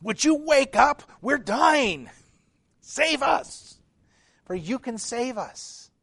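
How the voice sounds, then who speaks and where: A man's voice: very high-pitched, lively intonation, extremely slow, fairly bright tone, breathy edge, pitched above the performer's own voice, exaggerated voice. A man voicing a panicked man on a storm-tossed boat, frantically pleading to be saved.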